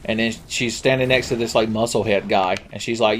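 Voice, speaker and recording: A man's voice: fairly low pitch, fairly even intonation, brisk, slight background noise. A man giving let's play commentary, sarcastic and profane, rambling from joke to joke. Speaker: game commentator.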